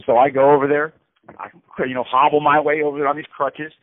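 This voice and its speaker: A man telling a story from prison over the phone in a rambling, animated way, saying "bro" again and again and repeating himself. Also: fairly high pitch, fast, dry recording. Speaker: incarcerated storyteller. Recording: tinny phone line.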